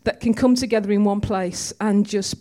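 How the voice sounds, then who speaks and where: A woman's voice: medium pitch, fairly even intonation, normal speed, mellow. A woman giving a conversational, storytelling sermon in a church. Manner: chatty, storytelling, with humor. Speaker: preacher.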